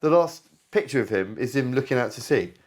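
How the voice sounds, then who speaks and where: A man co-hosting a casual podcast chat over beer in a shed, telling stories in a rambling, animated way and swearing freely. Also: mid-range voice, brisk. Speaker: podcast co-host. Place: garden shed.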